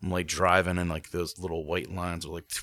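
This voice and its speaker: A man's voice: low voice, level tone, brisk, fairly bright tone, no room sound. A man co-hosting a casual chat, laid-back, filling his talk with "like". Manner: laid-back, many "like" fillers. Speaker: podcast co-host, band member.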